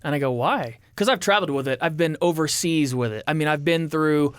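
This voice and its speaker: Animated storytelling man on radio. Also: fairly high pitch, fairly quick, clean tone, dry recording. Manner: animated storyteller, acts out every voice in his tale. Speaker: radio show host. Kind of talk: casual radio chat. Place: radio studio.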